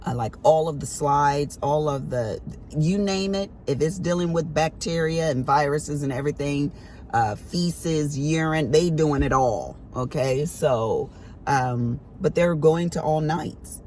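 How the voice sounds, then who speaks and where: A woman's voice: deep voice, slow, a little mellow, a little hiss or hum. Chatty middle-aged woman telling a story. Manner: chatty, emphatic, colloquial, acts out family quotes. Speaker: vlogger. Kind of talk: casual storytelling to viewers.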